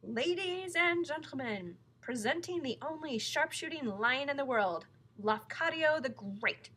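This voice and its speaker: Woman doing a booming circus ringmaster. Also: expressive, bright, forceful tone, full character voice. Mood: announcing. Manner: slow, drawn-out announcing.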